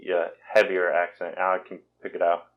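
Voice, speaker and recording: A man's voice: low-pitched, monotone, moderate pace, phone-quality sound. A man in his twenties with a Southern American accent, from Virginia, hosting a casual podcast chat in a rambling, self-deprecating way. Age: 20s. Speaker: podcast host.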